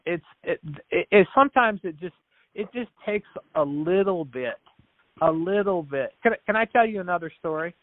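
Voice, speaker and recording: A business founder guesting on a podcast tells a story earnestly in an interview, his voice high, animated, and at a moderate pace. He acts out the quoted dialogue, often restarting and repeating words. The recording is a tinny, dry, phone-like line with no room sound.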